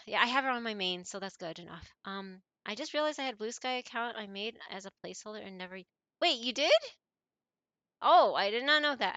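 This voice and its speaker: Chatty woman streamer with a bright voice. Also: mid-range voice, no echo. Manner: chatty and emotive, reads chat aloud, rambles. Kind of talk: casual chat with live viewers.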